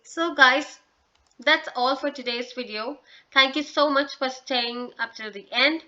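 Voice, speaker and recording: A woman with a bright, forceful, fairly high voice gives a casual English lesson to her viewers. She talks encouragingly but hesitantly, with many fillers and restarts. The sound is dull and lo-fi. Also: a little slow. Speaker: English teacher and channel host.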